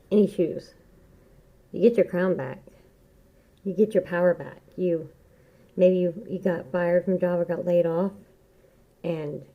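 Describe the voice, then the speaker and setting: A woman giving a casual, rambling tarot reading, chatty and quick to laugh. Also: fairly low pitch, phone-quality sound. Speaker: tarot reader.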